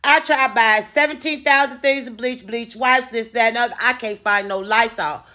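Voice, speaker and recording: A woman telling a personal story to camera in a casual vlog, animated and freely cursing. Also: on the high side, normal speed. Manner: animated, profane, dramatic storyteller. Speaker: storytime vlogger.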